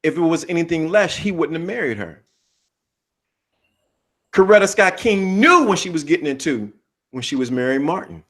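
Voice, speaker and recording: A man's voice: on the high side, expressive, moderate pace, pauses often, a bit bright. A man co-hosting a podcast, talking in an emphatic, preachy way. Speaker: podcast co-host. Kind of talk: casual podcast talk.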